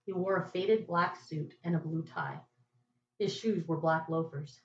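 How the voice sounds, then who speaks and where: A woman's voice: sits low, a little slow. A woman podcast host reading a first-person detective story in a dry, wry narrating voice. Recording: echoey, distant, muffled home recording.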